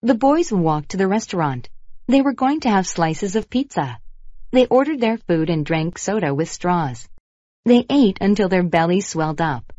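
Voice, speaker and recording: A woman reading example sentences and a short story for a vocabulary lesson in clear, measured narration. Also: mid-range voice, expressive, warm tone, dry recording, lo-fi sound.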